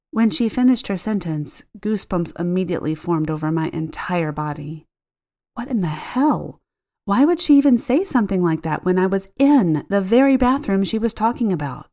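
A woman narrating a first-person horror story in a measured, tense storytelling manner. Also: mid-range voice, lively intonation, mellow.

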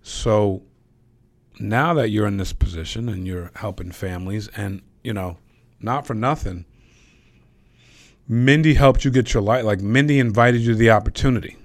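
A man's voice: lowish voice, moderate pace, no echo. A man hosting an interview who asks questions in a rambling way and laughs easily. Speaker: host.

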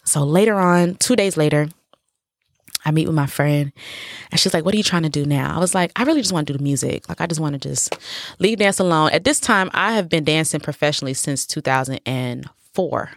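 A woman in her thirties, a professional dancer, telling a story as a guest in a casual interview. She is animated, acts out what people said and laughs often. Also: sits low, fairly quick, no room sound.

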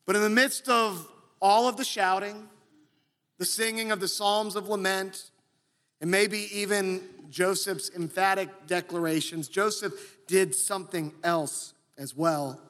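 A man preaching a sermon, slow and earnest, sometimes acting out quoted voices. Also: high voice, fairly even intonation, a bit bright, big-room sound. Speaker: pastor.

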